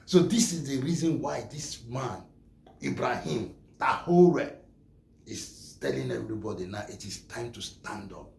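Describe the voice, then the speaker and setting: A Nigerian man delivers impassioned commentary, hammering points home through repetition. His voice has a gravelly rasp. The room is echoey, with faint ambient noise behind him. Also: mid-range voice, a little slow, a little mellow. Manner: emphatic, repeats phrases, acts out dialogues.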